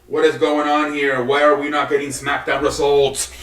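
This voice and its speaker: A man's voice: on the high side, flat delivery, normal speed, a bit bright. A man hosting a solo sports podcast, rambling and swearing with many restarts. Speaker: podcast host. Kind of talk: casual solo sports talk. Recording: echoey room, distant from the mic.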